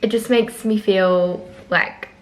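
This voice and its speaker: A woman's voice: mid-range voice, steady tone, slow pace, rough recording. Chatty young woman vlogging. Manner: chatty and giggly, says "like" often. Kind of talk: casual vlog chat to camera. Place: at home.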